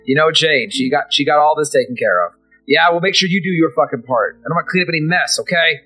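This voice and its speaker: A man's voice: fairly high pitch, quick pace, bright, forceful tone, slightly rough, faint music behind, poor audio. A man voicing a cocky, mocking young male gang thug who talks with swagger. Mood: dismissive. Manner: taunting, swaggering.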